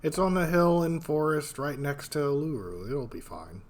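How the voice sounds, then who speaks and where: A man's voice: a little high, big pitch swings. A man in a casual gaming chat, answering in short, dry remarks. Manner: dry, slow, short replies. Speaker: streamer playing a strategy game with friends.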